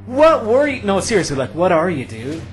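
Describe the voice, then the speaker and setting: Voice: medium pitch, very animated, fairly quick, echoey room, soft background music, lightly acted. A game master voicing a fairy wolf in disguise that talks like an indignant bro and keeps saying dude and man.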